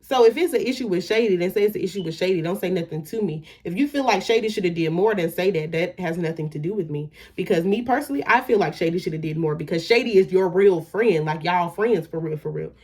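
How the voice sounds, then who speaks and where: A woman's voice: fairly low pitch, fast, hardly any pauses, a little mellow, husky. A young woman telling a storytime on her vlog, indignant and emphatic, swearing freely and trailing off into "da, da, da" when she skips details. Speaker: storytime vlogger.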